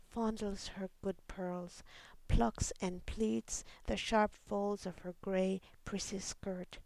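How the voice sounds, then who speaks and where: Woman, poetry reading, unhurried, gravelly, half-whispered at times, dry close recording. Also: medium pitch, no room sound. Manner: soft, measured, often half-whispered. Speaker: poet.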